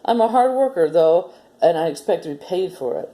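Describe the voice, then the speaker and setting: A woman's voice: on the low side, animated, brisk, warm tone, natural voice. Cheeky young boy hero, voiced by a woman reading a storybook; eager and raised.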